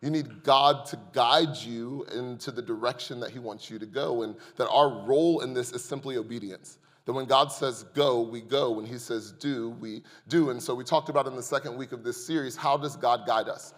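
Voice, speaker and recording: A man preaching to his congregation in a middle-pitched voice, mixing scripture points with a lively, joking personal story. His voice carries a long reverb tail from the large church sanctuary he is speaking in. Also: moderate pace, hardly any pauses. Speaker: pastor. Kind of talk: sermon with humorous storytelling.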